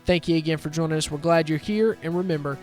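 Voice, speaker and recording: A man's voice: fairly high pitch, fast. A man reading a podcast's scripted outro with an upbeat, promotional delivery. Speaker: show announcer. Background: faint music.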